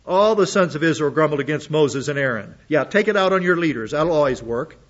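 A man's voice: fairly high pitch, animated, a little fast, highs cut off. A man preaching an expository sermon, reading scripture aloud and commenting on it with blunt sarcasm.

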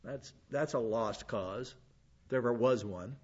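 A man's voice: medium pitch, measured pace, husky, dull audio. A man preaching as a pastor teacher, blunt and conversational, often restarting his sentences. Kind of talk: sermon.

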